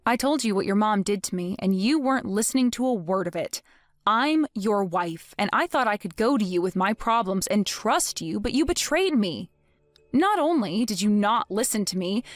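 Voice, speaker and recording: A woman's voice: on the high side, dry recording. A woman voicing a vengeful young wife in a dramatized story, cold and taunting with mock innocence.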